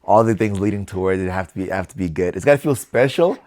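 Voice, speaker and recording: A man's voice: low-pitched, animated, fast talker, darkish tone. A young man co-hosting a podcast, talking things through thoughtfully in casual chat and often restarting his words. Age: young adult. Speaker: podcast co-host.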